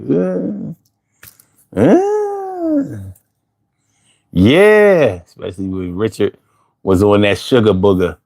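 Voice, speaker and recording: A man hosts a casual livestream, taking his time with every phrase in an unhurried drawl. His pitch swings up and down freely as he reacts to his viewers' comments. The tone stays loose and conversational, talking straight back to the chat. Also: very animated, a little mellow. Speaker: livestream host.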